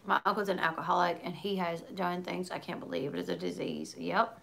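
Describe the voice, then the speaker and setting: A chatty woman in her thirties talks to her viewers in a relaxed, meandering way, answering their comments as they come in. Her voice has a bright, forward edge, and her sentences run on with lots of likes and asides. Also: on the low side, a little fast, vocal fry. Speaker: livestream host reading viewer comments. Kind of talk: casual chat.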